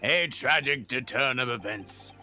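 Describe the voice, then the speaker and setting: A man voicing a pompous old courtroom judge with a stately, drawn-out delivery, in a fan dub of a game. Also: mid-range voice, pushed and bright, faint music behind.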